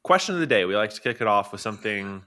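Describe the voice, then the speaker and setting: A man hosting a live panel, his voice bright and forceful, pitched a little low. He talks in a relaxed, upbeat way and laughs often. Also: quick pace. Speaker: show host. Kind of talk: casual panel talk.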